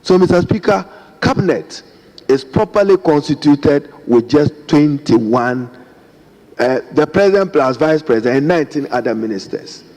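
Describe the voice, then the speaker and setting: A man's voice: on the high side, lively intonation, normal speed, darkish tone. A man with a Ghanaian English accent, a member of parliament giving a formal speech and repeatedly addressing the Speaker in a parliament chamber. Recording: reverberant chamber with faint noise.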